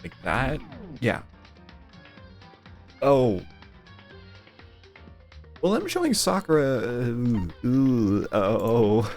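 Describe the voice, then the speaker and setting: A man's voice: medium pitch, big pitch swings, drawn-out words, pauses often, a little mellow, faint music behind. A young man streaming live, chatting casually, rambling and swearing freely.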